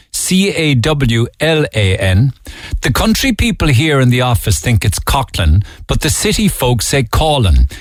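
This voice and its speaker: A man's voice: mid-range voice, no room sound. A middle-aged man with a Cork accent hosting a radio show, chatting casually with an amused manner and reading listener texts aloud. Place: radio studio. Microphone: studio microphone.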